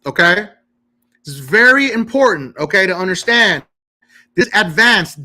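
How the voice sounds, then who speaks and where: A man's voice: high-pitched, bright, forceful tone. A man hosting a live-stream Q&A on credit repair, talking emphatically and often checking in with "okay?".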